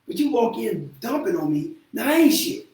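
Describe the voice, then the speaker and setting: A man's voice: very high voice, sing-song, normal speed, darkish tone. A man who works as a therapist, talking candidly and bluntly, with a lot of profanity and frequent laughter. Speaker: show host and therapist. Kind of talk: candid casual talk. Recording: echoey room from far off with faint noise.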